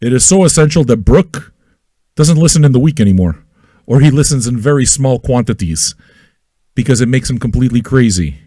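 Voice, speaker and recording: A man hosting an independent online radio show, ranting crudely and loudly at his listeners and repeating himself as he goes. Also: medium pitch, expressive, a little fast, breathy edge, no room sound, studio quality. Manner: loud, manic and crude, with yelling and repetition; talks straight at listeners with repeated questions. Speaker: internet radio host. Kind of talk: profane ranting monologue.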